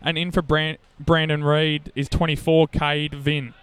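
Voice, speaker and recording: Smooth-voiced Australian co-commentator. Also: male voice, a little high, flat delivery, fairly bright tone, dry recording. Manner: enthusiastic, reads team lists briskly. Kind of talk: live sports commentary.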